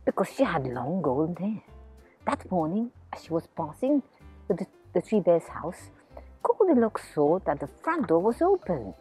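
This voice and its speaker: Woman reading a kids story outside, really sing-songy, husky-ish. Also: lowish voice, normal speed, faint music behind. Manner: animated and playful, chatting to a teddy. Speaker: children's storyteller. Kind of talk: read-aloud storytelling for kids. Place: outdoors in a garden.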